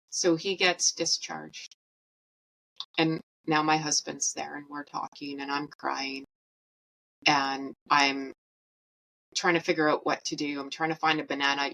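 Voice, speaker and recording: A woman's voice: low-pitched, bright, forceful tone, rough recording. A woman in her thirties, a podcast host, telling a personal story in a candid, wry and emotional way.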